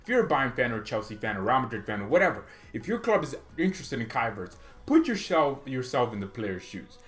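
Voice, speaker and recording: A man's voice: medium pitch, big pitch swings, quick pace, fairly bright tone, soft background music. A man hosting a football fan channel, talking in a casual, joking vlog style and mocking rival clubs.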